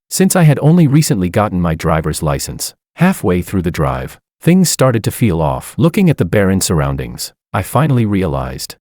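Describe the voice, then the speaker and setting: A young man narrating a first-person story in an even, steady reading. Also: low-pitched, moderate pace, few pauses, dry recording, clean studio sound.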